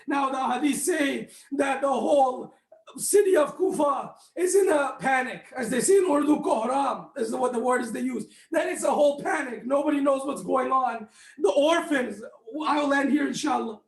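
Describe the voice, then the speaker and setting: A man delivering an impassioned sermon to a congregation, often raising his voice to a near shout and putting questions directly to his listeners. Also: extremely high pitch, normal speed, creaky. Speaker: speaker at a mourning gathering. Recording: echoey hall.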